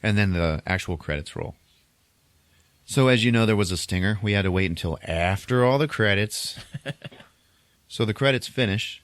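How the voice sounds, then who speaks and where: Deep-voiced chatty podcast host. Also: male voice, lively intonation, moderate pace, pauses often, no echo. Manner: chatty, laughs often, acts out quotes. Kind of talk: casual movie recap.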